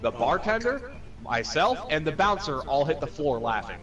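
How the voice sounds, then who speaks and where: A young man telling a profane, animated bar story among friends, swearing constantly and acting out other people's voices. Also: a little high, moderate pace, highs cut off. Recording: distant mic with loud music behind. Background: music.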